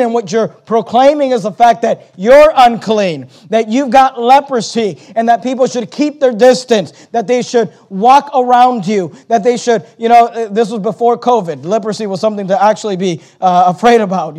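A male pastor preaching a sermon. He reads old scripture aloud with weight, drags out key words, and rushes through his asides. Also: very high-pitched, darkish tone. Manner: preaching, reading King James scripture aloud with emphasis.

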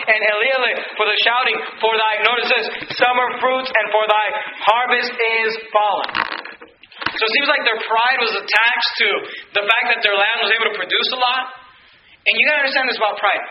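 A man's voice: high-pitched, a little hiss or hum. A man preaching a sermon, reading scripture aloud and then explaining it with emphatic repetition. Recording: roomy, slightly dull sermon recording.

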